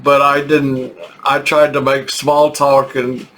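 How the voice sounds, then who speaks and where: A man's voice: mid-range voice, little pitch movement, a bit bright, slight background noise. Older Texan man telling a story. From Texas. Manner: rambling, halting, with chuckles. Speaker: vlogger. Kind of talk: casual storytelling.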